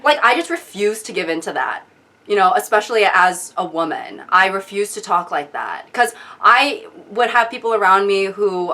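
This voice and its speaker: A young adult woman hosting a comedic commentary video, sarcastic, animated and exasperated. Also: medium pitch. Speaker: video host.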